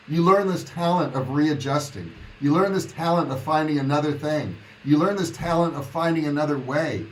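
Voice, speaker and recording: A man's voice: on the high side, a bit bright, a little hiss or hum, low-quality recording. A man coaching online sellers in a casual live question-and-answer talk, folksy and repeating points for emphasis.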